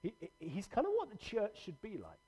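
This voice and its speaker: A man's voice: sits high, wildly swooping pitch, brisk, mellow, breathy edge. A man pastor giving a livestreamed church sermon, earnest and conversational with emphatic repetition.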